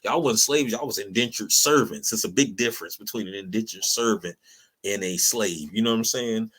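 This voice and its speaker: A man's voice: brisk, slightly rough. A man hosting a podcast, chatting casually and animatedly, with frequent laughs. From Illinois, US. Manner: animated, acts out quotes in a higher voice, laughs often. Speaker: podcast host.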